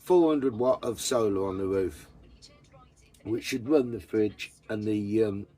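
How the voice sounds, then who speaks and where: A man's voice: lowish voice, measured pace, dark tone. A man chatting casually to camera about his camper van, blunt and full of swearing. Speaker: vanlife vlogger.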